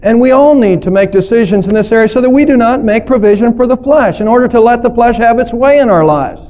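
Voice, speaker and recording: High-voiced preacher on a muffled recording. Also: male voice, fast talker. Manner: emphatic, with strings of rhetorical questions. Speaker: pastor. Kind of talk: sermon. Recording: dull lo-fi recording.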